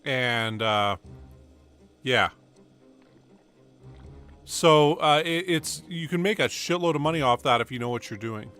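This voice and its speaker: A man with a bright, forward voice rambles through loose anecdotes while playing a game, stumbling over restarts and "uh"s. Faint game music sits quietly behind him. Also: mid-range voice, lively intonation, unhurried, long pauses, smooth. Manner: meandering, full of fillers and restarts. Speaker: gaming streamer. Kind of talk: rambling casual storytelling over gameplay.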